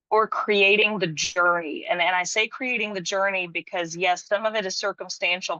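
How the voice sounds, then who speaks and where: Woman guest on a podcast, bright kinda lowish voice, sincere n reflective, slightly dull lo-fi sound, dry. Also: dry recording. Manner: reflective and sincere, speaks of faith, laughs lightly. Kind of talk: casual interview chat.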